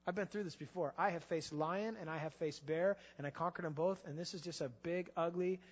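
A man's voice: fairly high pitch, a little fast, close to an everyday voice. A man voicing a cocky young shepherd hero who talks with casual, confident bravado. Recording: echoey hall, slightly dull sound.

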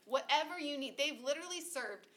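A woman's voice: sits high, brisk. A woman in her thirties talking casually and animatedly about church life and her kids, often acting out what people said. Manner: animated, acts out quoted voices. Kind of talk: casual conversational talk.

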